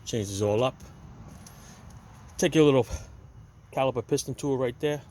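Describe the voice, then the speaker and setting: A man's voice: medium pitch, normal speed, mellow, slight background noise. A man hosting a casual do-it-yourself car repair walkthrough, talking to viewers as "people" and giving blunt, opinionated advice while working outdoors at a parked car. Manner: chatty, addresses viewers as "people". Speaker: DIY car repair channel host.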